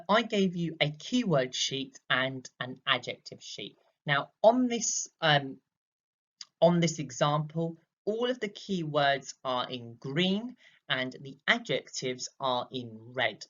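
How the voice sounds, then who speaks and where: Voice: medium pitch, a bit bright, lo-fi sound. A British drama teacher talking a class step by step through an exam question in a recorded lesson, checking in with "okay?" as they go.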